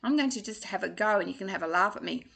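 A woman's voice: medium pitch, animated, fast, vocal fry, a bit bright, husky. A woman, giving a casual singing lesson in a chatty, playful way. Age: 60s. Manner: chatty and playful, drawing out drills. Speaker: singing teacher.

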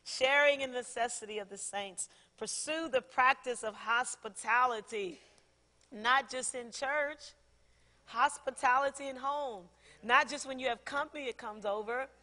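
A middle-aged woman pastor preaching a sermon, animated, laughing often and acting out quotes. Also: fairly high pitch, measured pace. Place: large church hall. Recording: long church hall reverb.

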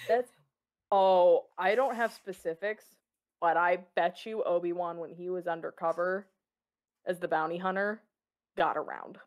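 A woman's voice: fairly low pitch, steady tone, a little slow. Woman riffing playfully on a podcast. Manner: playful, acts out scenes in funny voices. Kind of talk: casual podcast chat.

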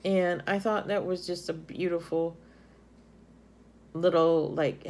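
A woman's voice: on the low side, steady tone, slow pace, pauses often, darkish tone. A middle-aged woman chatting casually in a haul video, gushing over items with lots of ums. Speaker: haul vlogger. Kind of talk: casual show-and-tell chat.

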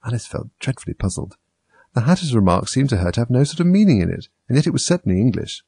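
A man reading a classic storybook aloud in an expressive way. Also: mid-range voice, fast, husky, no echo. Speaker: reader.

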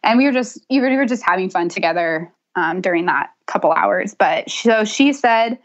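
A woman's voice: medium pitch, expressive, normal speed, dull audio. A young woman telling her birth story as a podcast guest, chatty and laughing often. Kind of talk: casual interview storytelling.

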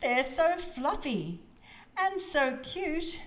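A woman's voice: on the high side, unhurried. Peppa from a storybook, a cheerful little girl piglet, as a woman reading aloud puts her on. She asks everything in a raised, bubbly voice that jumps up and down with delight. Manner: eager, excited questions.

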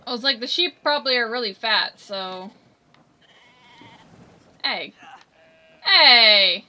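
Fairly quick and a little high-pitched, her sharp voice carries giggly gameplay commentary as she banters with the characters on screen.

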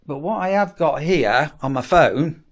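A man's voice: fairly high pitch, animated, a little slow. A middle-aged British man, a campsite warden, talking casually to his viewers in a rambling vlog, asking them questions as he goes. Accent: British English. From United Kingdom. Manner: chatty, asks viewers questions, repeats words when restarting.

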